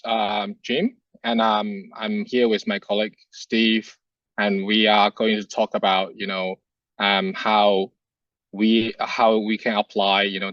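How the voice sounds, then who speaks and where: A man's voice: fairly low pitch, dry recording, dull audio. A young man, a doctoral student, opening an online research presentation in a hesitant way with many fillers. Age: young adult. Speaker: guest speaker, PhD student. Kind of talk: presentation introduction. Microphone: video call.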